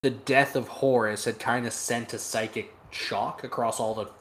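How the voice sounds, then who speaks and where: A man's voice: mid-range voice, fairly even intonation, normal speed, fairly bright tone, slight background noise. Man casually retelling lore, swearing freely. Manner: profane, laughing storyteller. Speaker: podcast co-host. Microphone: remote call microphone.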